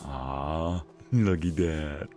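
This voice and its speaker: A man casually commentating a video game as a streamer, playful and jokey, sometimes breaking into loud yelling. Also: deep voice, very slow, faint music behind.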